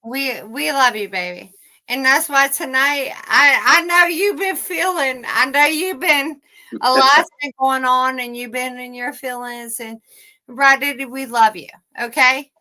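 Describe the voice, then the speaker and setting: High-pitched, bright woman ranting profanely. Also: a little slow. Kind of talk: casual livestream chat.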